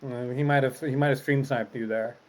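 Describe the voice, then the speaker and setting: A man coaching chess in a relaxed, teasing, casual way. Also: medium pitch, fairly quick.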